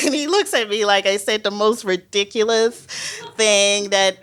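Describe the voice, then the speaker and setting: A woman biologist telling a personal story on stage, animated and self-mocking, laughing often. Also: medium pitch, moderate pace, clean tone.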